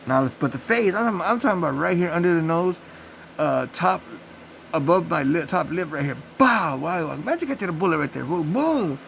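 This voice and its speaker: A man's voice: a little high, lively intonation, a little fast, vocal fry, a bit bright, a little hiss or hum, rough recording. A young man telling a rambling, profane story casually, acting out gunshot sounds. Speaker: vlogger.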